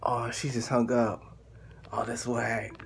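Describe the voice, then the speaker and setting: A man's voice: mid-range voice, flat delivery, takes it slowly, vocal fry, breathy edge. A man making prank calls and chatting to his viewers in a slangy, laid-back drawl. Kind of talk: casual prank-call vlog.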